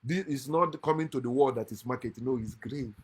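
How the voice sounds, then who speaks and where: Man, husky voice, impassioned talk, lecturing, swings loud to quiet. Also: medium pitch, brisk. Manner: laughs often mid-speech. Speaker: channel host. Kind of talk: impassioned monologue against religion. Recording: lives in America.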